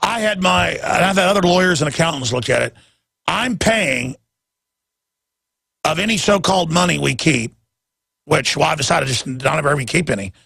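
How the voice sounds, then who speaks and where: A man rants through a talk radio monologue, rambling and then jumping into sudden loud emphatic bursts. His voice sits fairly high, with a rough gravelly fry and a husky edge. The sound is close and dry. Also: expressive, moderate pace, long pauses, no room sound.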